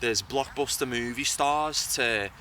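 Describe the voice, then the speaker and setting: A man's voice: mid-range voice, measured pace, sharp tone, slight background noise. A young man talking casually as an interview guest, hesitant and often repeating words as he thinks, outdoors by a bridge. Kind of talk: casual chat.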